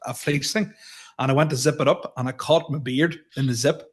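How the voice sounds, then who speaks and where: A man's voice: mid-range voice, steady tone, a little fast, breathy edge. Laid-back man chatting. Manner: laid-back, laughs often, trails off. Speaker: podcast co-host, comedian. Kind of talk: casual comedic chat.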